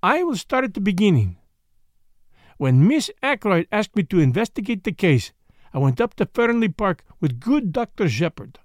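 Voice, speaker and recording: Audiobook role: a pompous, solemn male detective, put on by a man reading, lively and sing-song, in a dry booth. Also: high-pitched, no room sound, pitched above the performer's own voice. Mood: explaining. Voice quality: pompous, deliberate. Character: grave self-assured male Belgian detective, middle-aged.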